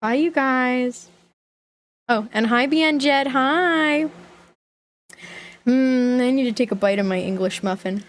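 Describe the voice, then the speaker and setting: Young female streamer, bubbly and giggly, unhurried talk, slightly high voice. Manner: bubbly, greets chat by name, giggly. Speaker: livestreamer. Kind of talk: casual stream chat.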